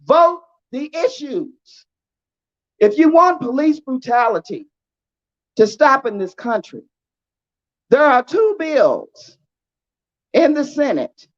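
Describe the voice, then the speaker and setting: A woman giving an impassioned rally speech outdoors, leading call-and-response chants and repeating phrases slowly for emphasis. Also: sits high, sing-song. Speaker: rally speaker. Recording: dull lo-fi rally recording.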